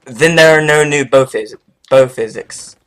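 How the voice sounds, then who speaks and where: A young man chatting excitedly while playing a game with a friend, often laughing and getting loud. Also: mid-range voice, unhurried. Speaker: gamer. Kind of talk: casual gaming chat.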